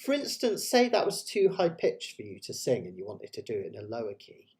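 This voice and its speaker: A man with a mid-range voice and huge pitch swings hosts an online ukulele jam, talking a little fast. He chats and walks through chords step by step in this casual lesson, with loud ukulele music behind him.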